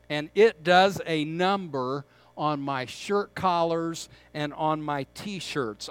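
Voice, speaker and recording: Male pastor, middle-aged, unhurried emphatic sermon delivery, high-pitched. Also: a bit bright, smooth. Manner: earnest preaching with emphatic repetitions.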